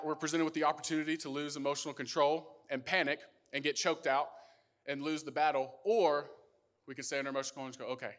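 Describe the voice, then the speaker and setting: A young male pastor delivers a sermon as a personal story. His voice sits a little high for a man, and he talks in a loose, animated, conversational way, with frequent fillers.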